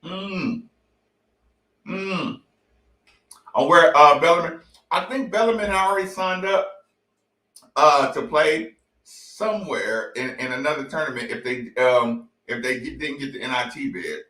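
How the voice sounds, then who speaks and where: A man's voice: a little high, expressive, measured pace, pauses often, bright, forceful tone, distant mic. A man hosting a sports talk show, ranting in a fired-up, profane, repetitive way. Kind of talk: heated sports talk rant. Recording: echoey room, voice off-mic.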